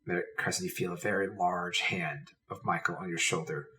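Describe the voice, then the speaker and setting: Deep-voiced game master narrating. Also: male voice, fairly even intonation, normal speed, bright, forceful tone. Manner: dramatic second-person narration. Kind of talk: narrating a tabletop role-playing game. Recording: distant mic with faint hiss.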